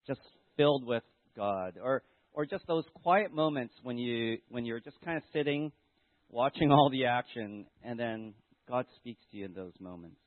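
A church member gives a casual Sunday message, retelling a Bible story to children and reflecting aloud, with many restarts. His voice is medium-pitched, and the recording is dry, with a tinny, phone-like sound.

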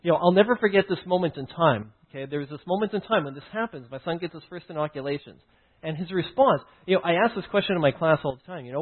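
A man's voice: on the high side, very fast, husky. A man teaching through a personal story, often stopping to check in with "right?" and "okay?". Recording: tinny phone-like line.

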